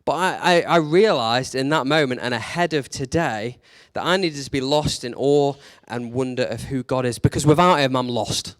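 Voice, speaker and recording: A man's voice: medium pitch, normal speed, hardly any pauses, dry recording. Male preacher, conversational sermon delivery, rhetorical questions, dry and upfront. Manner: conversational and candid, with rising emphatic questions.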